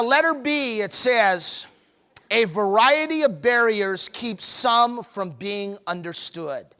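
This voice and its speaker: A middle-aged man speaking at a marriage seminar, telling humorous stories with animated, playful self-mockery. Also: sits high. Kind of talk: humorous seminar talk to couples.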